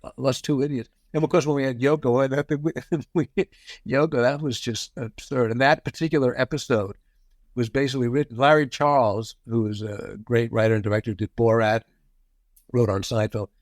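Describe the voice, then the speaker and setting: A man in his sixties telling show-business anecdotes as a guest, animated and often acting out quotes. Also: mid-range voice, brisk, no room sound, studio quality. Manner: lively storyteller, acts out quotes.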